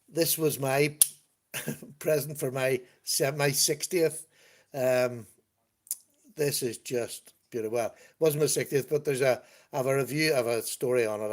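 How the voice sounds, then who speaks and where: A livestream host with a medium-pitched voice chats easily from his home computer. The stream is relaxed; he laughs often and reads viewer comments aloud as they come in.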